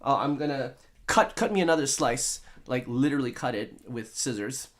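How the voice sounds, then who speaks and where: A man's voice: medium pitch, normal speed. A man hosting a casual live stream from a home studio, chatting with viewers in a playful, rambling way full of jokes and wordplay.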